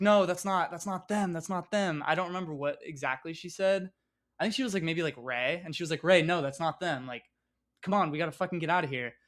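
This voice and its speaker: A young man telling a personal story in a casual, rambling way, full of fillers and swearing. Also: on the high side. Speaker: vlogger.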